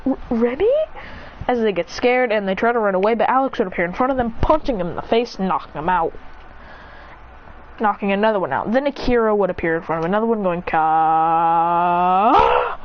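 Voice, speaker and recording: A woman casually narrating an improvised story, rambling and correcting herself as she acts out the characters' lines. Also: medium pitch. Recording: dull lo-fi recording with faint noise.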